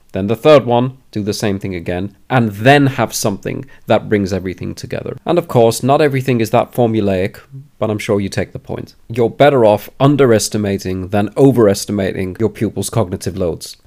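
A man's voice: lowish voice, a little fast, a little mellow. A man who is an experienced teacher giving direct advice to new teachers. He speaks emphatically and often restates his key points. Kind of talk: direct advice talk to camera.

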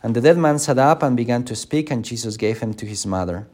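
Pastor guy teaching sunday school, mid-pitch voice, acts out the quotes with lots of uh and um. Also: fast talker. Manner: animated, acts out quoted lines; frequent fillers and restarts. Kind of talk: Bible class teaching.

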